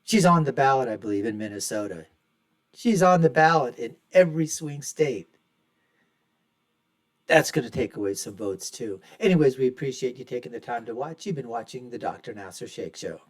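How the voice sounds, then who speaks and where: A man's voice: mid-range voice, lively intonation, normal speed. A man hosting his own show, giving emphatic, opinionated solo commentary and repeatedly calling his listeners folks. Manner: repeats phrases for punch, swings loud and soft. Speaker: show host.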